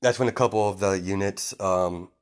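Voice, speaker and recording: A man with a deep, low voice tells a made-up story off the top of his head. He rambles, restarts his sentences and leans on fillers as he goes. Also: moderate pace, clean tone. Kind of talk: casual improvised story retelling.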